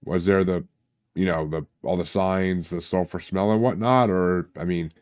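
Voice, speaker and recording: Low-voiced guy hosting a podcast, laid back, stop-start, dull dry audio. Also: no echo. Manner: relaxed, swears casually, halting restarts. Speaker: podcast host. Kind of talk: casual interview. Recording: dull lo-fi sound.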